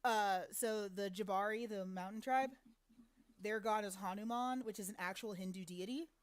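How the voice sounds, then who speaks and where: A woman co-hosting a casual podcast chat, blunt and opinionated and quick to laugh. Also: mid-range voice, no echo. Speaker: podcast co-host.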